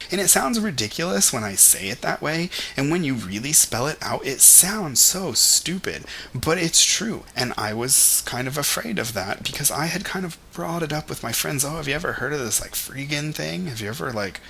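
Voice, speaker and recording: A man's voice: mid-range voice, sharp tone, slight background noise. A young man talking in a casual vlog monologue, rambling and candid, with lots of "like" and "you know". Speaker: vlogger.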